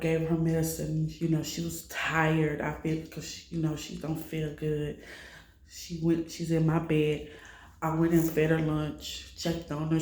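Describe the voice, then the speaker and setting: A woman's voice: deep voice, darkish tone, reverberant. A woman recounting her child's illness in a personal vlog, raw and distressed, swearing freely as she tells it. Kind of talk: emotional personal vlog storytelling.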